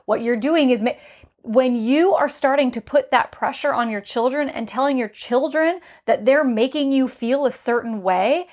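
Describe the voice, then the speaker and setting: Female podcast co-host, reflective and affirming, higher-pitched speaking voice. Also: moderate pace, few pauses, darkish tone. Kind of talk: casual faith podcast chat.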